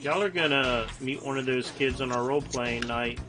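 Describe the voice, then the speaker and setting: An easygoing man with a mid-range voice talks casually and with enthusiasm. Music plays clearly behind him. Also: medium pitch, normal speed. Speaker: game master and podcast host. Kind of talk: casual chat.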